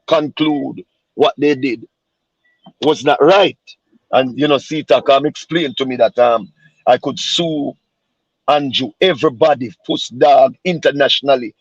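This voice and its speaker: A Jamaican man who works as a street pastor talks earnestly on a live call, circling back over the same words as he finds his way. His voice is gravelly and husky. The sound is dry and dull, like a lo-fi recording. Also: medium pitch, no echo. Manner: repeats words while searching for them, earnest.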